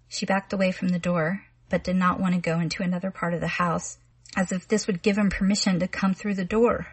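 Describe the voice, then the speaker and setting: A woman narrating a literary short story in a measured, calm reading voice. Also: mid-range voice, breathy edge, no echo. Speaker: audiobook narrator.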